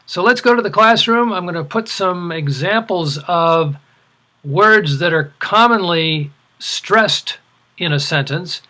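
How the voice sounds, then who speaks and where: Male ESL teacher, slightly high voice, very slow and over-articulated delivery. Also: pushed and bright. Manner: over-articulated, stressing words clearly. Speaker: English teacher. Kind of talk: slow, deliberate ESL lesson.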